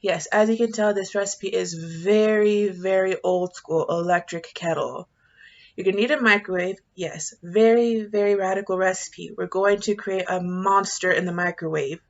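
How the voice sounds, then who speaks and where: A woman's voice: medium pitch, steady tone, normal speed, muffled recording. A woman casually walking through a home coffee recipe in her kitchen, with playful, self-mocking jokes. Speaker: home cooking vlogger.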